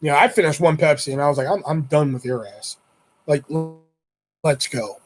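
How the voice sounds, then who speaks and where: A man tells a winding personal story straight to his viewers, swearing freely as he goes. He acts out his friends' lines in the middle of telling it. His voice sits a little high for a man. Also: normal speed. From Houston area. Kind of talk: casual storytelling.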